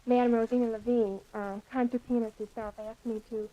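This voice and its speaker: A thirteen-year-old girl talks about her piano playing in polite, brief answers. Her voice sits a little high, and the sound is dull and lo-fi like a 1950s broadcast. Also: little pitch movement, brisk. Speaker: guest pianist. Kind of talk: radio interview. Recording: dull lo-fi 1950s radio recording.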